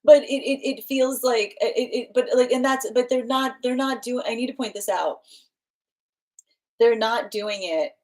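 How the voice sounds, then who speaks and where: A woman's voice: a little high, moderate pace, a little mellow. A woman giving a live tarot reading in a casual, rambling way, laughing often and restarting her sentences. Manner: giggly, rambling, frequent restarts. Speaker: tarot reader.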